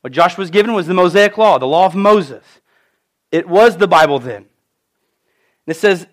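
A man preaching an animated sermon, acting out the voices of the people he quotes. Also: sits high, moderate pace. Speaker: pastor.

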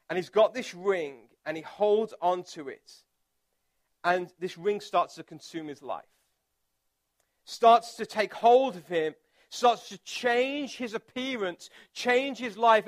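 This man preaches a laid-back, conversational sermon in a high-pitched voice. As pastor, he's chatty and pokes fun at himself, using filler words and starting over at times.

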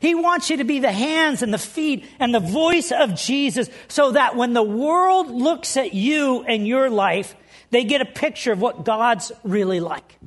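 A woman's voice: on the high side, expressive, unhurried. A woman preaching a sermon in a conversational storytelling way, asking the congregation questions. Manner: conversational, storytelling, asks the audience. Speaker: pastor.

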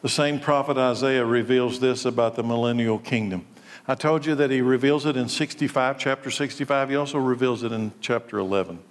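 A male pastor preaching a sermon, emphatic and full of rhetorical questions. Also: mid-range voice. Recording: long reverb of a large hall.

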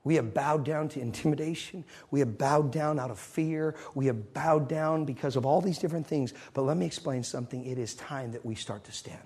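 A man preaching a sermon, telling a story and swinging between loud moments and hushed ones. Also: a little high, brisk, few pauses, slightly rough.

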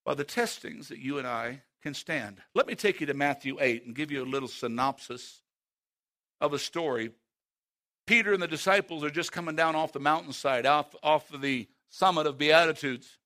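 Preaching with a slightly high voice, this man moves from hushed, unhurried passages to booming, emphatic calls, and he keeps asking his listeners questions outright.

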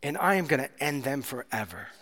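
A male pastor preaching a sermon with passion, swinging from soft, hushed moments to loud, climactic peaks. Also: medium pitch, animated, a little fast. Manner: impassioned, builds to loud climaxes, drops to soft near-whispers. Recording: long hall reverb.

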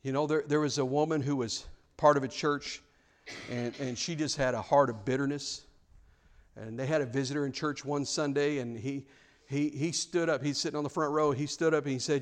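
A man's voice: medium pitch, steady tone, fairly quick. A male pastor preaching a sermon in an earnest, frank way, often repeating words as he presses a point.

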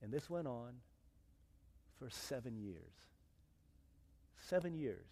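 A male pastor preaching a sermon, telling a story in a humorous, animated way. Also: medium pitch, slow pace, creaky.

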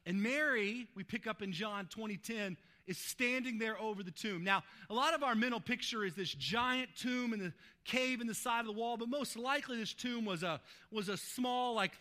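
Bright, high-voiced man preaching. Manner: retells scripture conversationally, often adding "right?". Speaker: pastor. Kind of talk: sermon.

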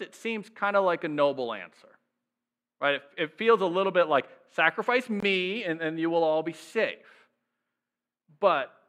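A man preaching on a passage of scripture, his voice sitting a little high for a man. He throws himself into the characters' lines with lively jumps in pitch, then drops low and soft when he reflects. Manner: animated, acts out the voices of the sailors and Jonah. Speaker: pastor. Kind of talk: sermon teaching.

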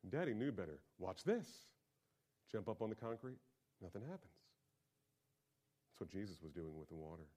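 A man preaching a sermon as pastor, talking conversationally and swinging from quiet asides to loud, emphatic peaks. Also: sits low, very animated, normal speed, pauses often.

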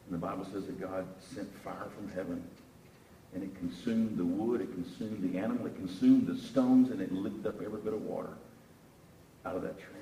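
A man preaching a sermon, telling a Bible story with animated rises and restarts. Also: low voice, slight background noise. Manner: animated storytelling, repeats words while searching. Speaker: pastor. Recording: echoey room from far off.

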